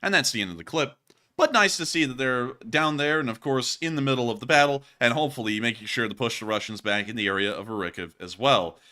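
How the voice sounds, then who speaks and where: A man's voice: mid-range voice, fast, sharp tone. A man casually commenting over war footage as host, joking and rambling and laughing at his own slips. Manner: jokey, rambling, laughs at himself.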